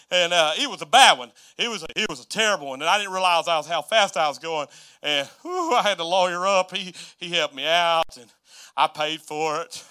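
High, bright pastor. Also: male voice. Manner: folksy, self-deprecating, talks to the congregation. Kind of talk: sermon. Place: church sanctuary.

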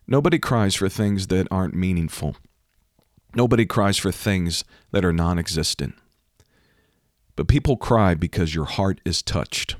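A man preaching a sermon, fervent and building to loud, urgent exhortation, close to the mic. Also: low-pitched, dry recording.

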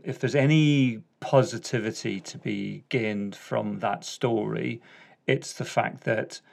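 A man's voice: on the low side, gravelly. A middle-aged man hosting a casual solo podcast, chatty, with lots of ums, uhs and restarts. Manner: chatty and self-correcting, frequent ums and uhs. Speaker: podcast host.

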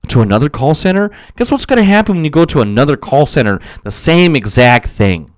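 A man's voice: on the high side, sing-song, fairly quick, no room sound, studio quality. A young man hosting a solo podcast, talking casually in a rambling, profane, self-motivating way with a strained, worn voice. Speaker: podcast host.

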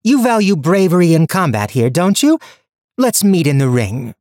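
A man's voice: mid-range voice, animated, fairly quick, a little mellow, no room sound, clean studio sound, voice pushed up, lightly acted. A man reading a story, voicing a young queen who gives cool, poised commands. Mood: commanding.

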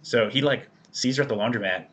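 A man's voice: medium pitch, fast, a bit bright. A young man in casual chat, telling rambling, profanity-filled stories as a podcast co-host.

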